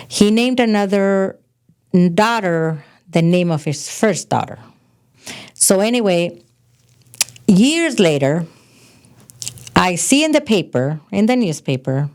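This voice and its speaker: A middle-aged woman from California sits in as a podcast guest and tells frank, animated stories from her past. Her voice sits a little low for a woman. She talks in a blunt, candid way. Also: clean tone. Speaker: podcast guest, host's mother. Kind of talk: casual storytelling chat.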